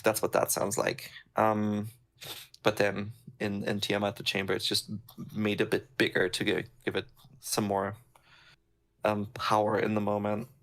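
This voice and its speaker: A man working as a sound designer, chatting casually on a stream in a relaxed, rambling way with many pauses and ums, over a call microphone. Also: fairly low pitch.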